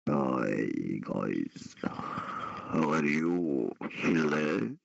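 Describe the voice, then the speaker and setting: A man calling into a radio chat show, talking slowly in a drawl. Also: very deep voice, very animated, creaky, dry recording, dull audio. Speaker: caller.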